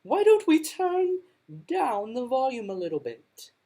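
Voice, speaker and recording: A woman doing a gentle, patient schoolteacher. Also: high-pitched, big pitch swings, unhurried, pitched above the performer's own voice, heavily acted. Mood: coaxing.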